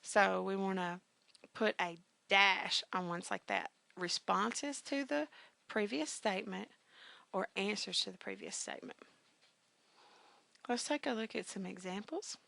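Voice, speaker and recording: A woman's voice: medium pitch, animated, a little slow, creaky, bright, forceful tone. A woman teaching business communications in a recorded grammar lecture, talking conversationally with frequent fillers and punchy emphatic asides.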